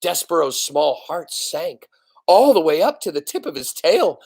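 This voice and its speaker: A man reading a children's book aloud in an expressive storytelling voice. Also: a little high, a little slow, slightly rough. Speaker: reader.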